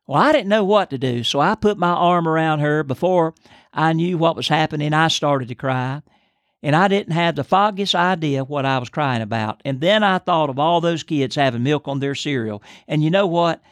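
A man voicing a softhearted milkman in an earnest, storytelling way, with a dry, close sound. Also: a little high, normal speed, no echo, natural voice.

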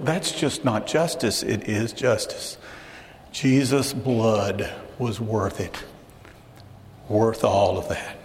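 A man's voice: a little high, echoey room, in a large hall. A pastor preaching a sermon, emphatic and conversational, often restarting his sentences. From Houston, Texas.

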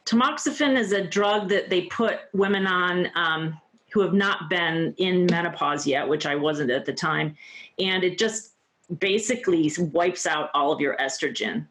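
A woman in her fifties, appearing as a guest on an interview show, shares her own story with earnest, heartfelt candor, sprinkling in plenty of "you know" and "like." Her voice is lowish and a bit bright, and she speaks a little slowly.

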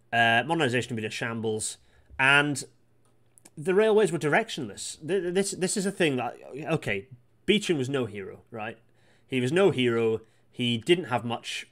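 A man's voice: medium pitch, a bit bright. A man hosting a live read-through, reading passages aloud and breaking off into rambling asides full of restarts. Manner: rapid, with many restarts and asides. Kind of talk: casual live-stream commentary on a historical report.

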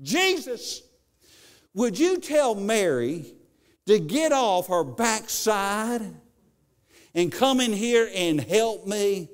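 A man's voice: high-pitched, very animated, extremely slow, big-room sound, voice pushed up, heavily acted. A male preacher voicing a flustered woman who complains that nobody is helping her in the kitchen. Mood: exasperated.

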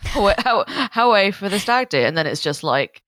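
A woman co-hosting a podcast in casual chat, halting and trailing off quietly. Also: medium pitch, sing-song, no room sound.

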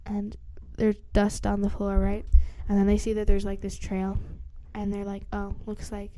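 A woman with a mellow, soft-edged voice of middle pitch retells a story in casual chat. She is chatty and uses lots of fillers. She jumps into little acted-out lines along the way. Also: monotone, normal speed, slight background noise. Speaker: storyteller retelling a book plot.

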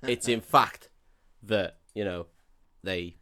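A man's voice: lowish voice, takes it slowly, bright, forceful tone. A man, co-hosting a podcast, making dry, sweary asides. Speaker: podcast co-host. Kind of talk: casual comedic chat.

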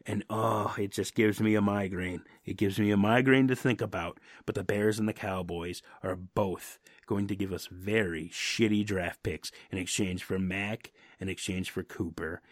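This man's lowish voice keeps a fairly even intonation at a normal speed, with few pauses. He co-hosts a football podcast and rants brashly and profanely in a casual sports style, captured on a dry, studio-quality recording.

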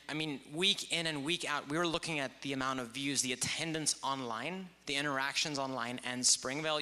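Male church leader, direct grateful address, sharp bright tone. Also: medium pitch. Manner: grateful, speaks directly to listeners. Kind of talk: address to a congregation. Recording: echoey hall.

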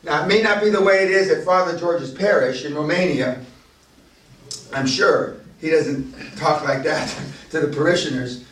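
A man leading a business seminar, talking bluntly and profanely and building to loud, emphatic bursts. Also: a little high, normal speed. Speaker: seminar leader. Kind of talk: profane motivational seminar talk. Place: castle seminar room. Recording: echoey room, voice from far off.

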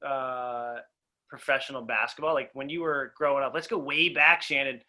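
Bright, playful male host. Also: medium pitch, fairly even intonation, moderate pace. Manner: enthusiastic, playful, encouraging. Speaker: podcast host. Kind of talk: casual interview.

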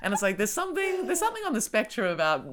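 A woman's voice: on the high side, huge pitch swings, racing, heavy background noise. A young adult woman comedian hosting a casual, profane chat, talking frankly and laughing often. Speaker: comedian and podcast host.

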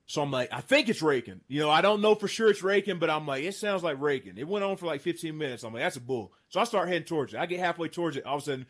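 A man in his thirties hosting a casual chat, telling a hunting story with excitement and frequent laughs. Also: fairly high pitch, very fast, few pauses. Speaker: podcast host. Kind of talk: casual storytelling among friends.

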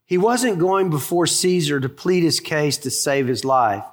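A man preaching a sermon as a pastor, emphatic and storytelling, slowing to stress key words and speeding up through quick asides. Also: on the high side, lively intonation, in a large hall.

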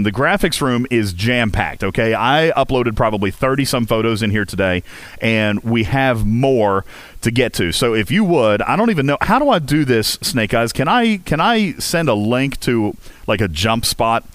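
A man's voice: mid-range voice, fairly bright tone, no echo. A man hosting a game community voice chat, talking casually with lots of fillers, restarts and jokes. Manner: chatty, jokey, heavy fillers and restarts. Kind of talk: casual rambling talk to listeners.

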